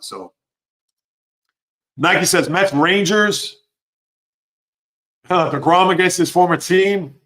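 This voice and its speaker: A man hosting a live sports talk stream, reading chat comments and giving opinionated, animated reactions. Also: on the high side. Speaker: sports show host.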